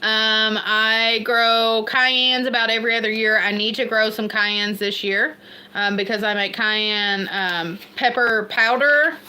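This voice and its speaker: A woman's voice: fairly high pitch, fairly even intonation, unhurried, pushed and bright, slight background noise. A woman from Kentucky with an Appalachian accent, chatting casually and rambling on a livestream, laughing at herself. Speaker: homestead livestream host.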